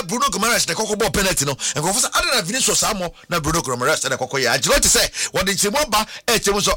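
Excitable Ghanaian radio sports host, high and fast. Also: male voice, no room sound. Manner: excitable, sing-song, animated. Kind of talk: lively radio sports commentary mixing English and Twi.

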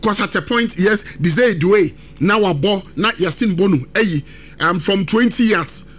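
A man's voice: high voice, moderate pace, soft background music. A man giving football analysis on a talk show, emphatic and switching between languages. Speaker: football pundit. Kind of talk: sports analysis on radio talk show, mixing Twi and English.

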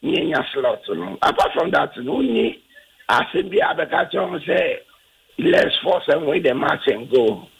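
A man with a Ghanaian accent, a football coach answering radio interview questions earnestly, switching between Twi and English with halting restarts. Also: on the high side, wildly swooping pitch, creaky, fairly bright tone, breathy edge, poor audio.

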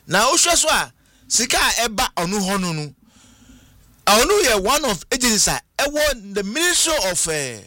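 A man's voice: high voice, very animated, unhurried, bright, forceful tone, dry recording, studio quality. A man with a Ghanaian accent talking animatedly as a guest on a radio talk show, switching between Twi and English. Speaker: studio guest.

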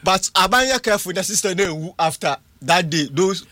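High-voiced Ghanaian man, animated talk. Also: fairly quick, dry recording. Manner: animated, laughing, repeats words. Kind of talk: casual discussion mixing English and Twi.

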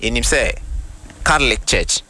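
A man with a Ghanaian accent preaching, reading quoted passages slowly and deliberately before explaining them. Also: mid-range voice, animated, sharp tone. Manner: reads quotations slowly and deliberately, then explains. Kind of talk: sermon teaching with quoted readings.

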